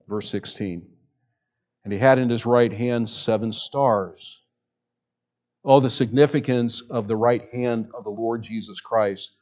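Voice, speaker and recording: Preaching pastor, man, low voice. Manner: dynamic preaching, swings from loud emphasis to hushed; reads scripture slowly and deliberately. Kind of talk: sermon. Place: church sanctuary with a sound system.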